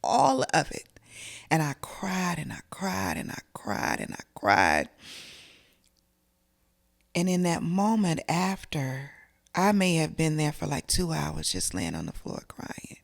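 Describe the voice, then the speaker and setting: A woman's voice: deep voice, huge pitch swings, slow, gravelly. A middle-aged woman, from South Carolina, telling a personal story as an interview guest in an emotional, earnest, conversational way.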